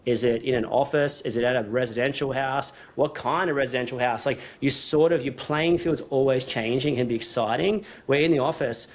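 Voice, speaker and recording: A man's voice: mid-range voice, brisk, hardly any pauses. Rambling male podcast host. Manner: rambling, restarts sentences, thinks aloud. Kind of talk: casual podcast chat.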